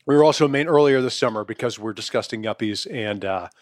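A man's voice: medium pitch, fast, no echo, studio quality. A middle-aged man co-hosting a podcast, chatting loosely and profanely with frequent laughs. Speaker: podcast co-host. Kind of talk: casual chat.

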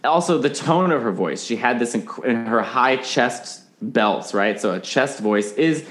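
A man's voice: mid-range voice, animated, measured pace, hardly any pauses, a bit bright. A man as a podcast guest in casual chat, animatedly explaining singing technique and breaking into sung examples.

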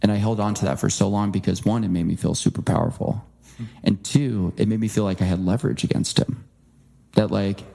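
Male interview guest, low mellow voice with some fry, earnest storyteller. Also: a little fast. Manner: earnest, animated impressions when quoting. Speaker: guest author.

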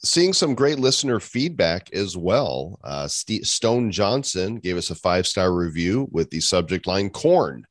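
Very deep-voiced male podcast co-host. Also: very animated, a little slow, few pauses, no room sound, studio quality. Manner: jokey, laughing, reads listener reviews. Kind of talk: casual podcast chat.

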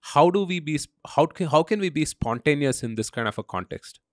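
A man's voice: on the high side, lively intonation, brisk, no echo, studio quality. A male podcast host asking a long question, hesitant and full of fillers as he rephrases himself. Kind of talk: interview question.

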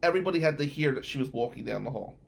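A man's voice: mid-range voice, animated, rapid-fire, vocal fry, a little hiss or hum. A middle-aged man hosting a radio show, telling a story casually, chatty and full of fillers.

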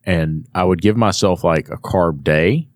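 A middle-aged man telling a personal story in casual chat, animated and acting out the people in it. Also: sits low, a little slow, no echo. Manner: animated, acts out quoted voices. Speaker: podcast guest.

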